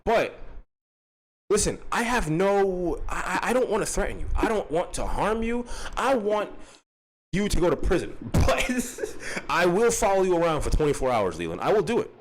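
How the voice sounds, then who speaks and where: A man's voice: a little high, big pitch swings, moderate pace. Brief: New guy, YouTuber, loose profane comic rant, voice jumps all over the place. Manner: rambling, profane, jokey, breaks into laughter. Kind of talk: casual joking rant to camera.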